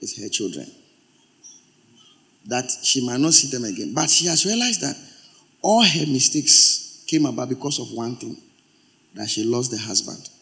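A man's voice: medium pitch, big pitch swings, normal speed, pauses often, sharp tone. A male pastor preaching a sermon, emphatic and repeating his exhortations.

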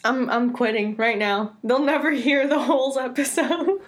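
A woman's voice: sits high, fairly even intonation. A woman co-hosting a podcast, chatting casually with blunt, swearing remarks. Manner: blunt, swearing, quick to laugh. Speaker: podcast co-host. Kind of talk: casual chat.

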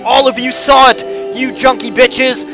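A man's voice: extremely high pitch, steady tone, unhurried, music in the background, voice pushed up. A man putting on the voice of a frantic, drugged young woman who screams profane accusations. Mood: furious screaming.

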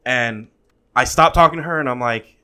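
A man's voice: mid-range voice, normal speed, pushed and bright, clear, resonant tone. A man in his thirties telling a long, profane story in casual chat, with frequent restarts.

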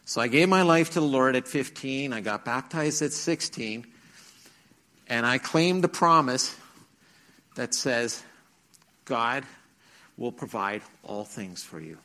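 Slow and sharp-toned, with a mid-range voice, lively intonation and long pauses, a middle-aged man preaches to teens in a church. He shares his testimony in an earnest storytelling manner, acting out the quotes.

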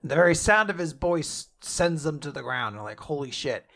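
A man's voice: on the high side, lively intonation, creaky, a bit bright. A man co-hosting a podcast, casually recapping a manga chapter with jokes and asides. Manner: rambling, joking, quick asides. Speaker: podcast co-host.

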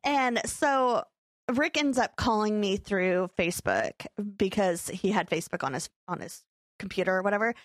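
A woman's voice: medium pitch, normal speed, dry recording, studio quality. A young woman co-hosting a podcast, telling a story in casual chat and acting out what people said. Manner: animated storyteller, acting out quotes with laughter. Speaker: podcast co-host.

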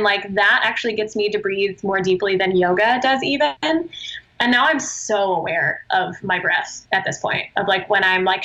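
Bright-voiced earnest woman guest. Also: mid-range voice, dull audio. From Australia. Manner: earnest, expressive, swears casually. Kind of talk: casual interview chat.

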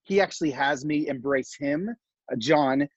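Middle-aged man, husky and slightly high, animated heartfelt storyteller, dry muffled recording. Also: moderate pace, no echo. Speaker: podcast guest. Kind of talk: casual conversational storytelling.

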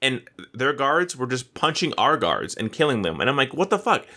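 Bright-voiced ranting man. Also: medium pitch, normal speed. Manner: profane, ranting, animated complaints. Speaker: podcast co-host. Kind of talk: casual gaming chat.

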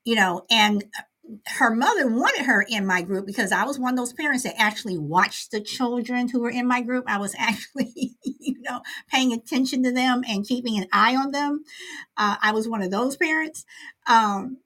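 A woman's voice: on the high side, animated, normal speed, bright, forceful tone. A middle-aged woman hosting a live online chat, talking casually with many restarts and frequent laughter. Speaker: host of a live online show.

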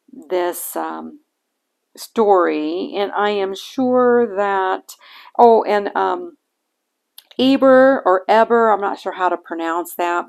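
A woman hosting a bible-reading podcast, talking in a halting, earnest way with many fillers and restarts. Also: lowish voice, creaky. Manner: earnest and reflective. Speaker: podcast host reading scripture.

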